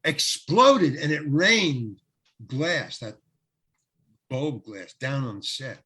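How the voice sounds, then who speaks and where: An older man, a guest actor, telling a lively anecdote in an interview, acting out the quotes and laughing often. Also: medium pitch, takes it slowly, husky. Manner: animated storyteller, acts out quotes, laughs often. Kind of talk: storytelling in an interview.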